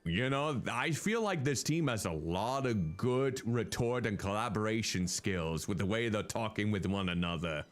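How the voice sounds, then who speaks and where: A man's voice: fairly low pitch, lively intonation, moderate pace, hardly any pauses. A male streamer giving chatty, casual commentary while playing a game and thinking aloud.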